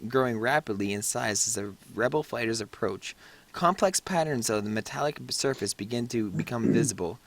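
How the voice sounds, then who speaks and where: A man reading stage directions aloud in an informal read-through. His voice is mid-pitched and unremarkable, and he trips over longer words, breaking off and restarting them. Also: fairly bright tone. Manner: reads haltingly, stumbles on words. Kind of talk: casual script read-through.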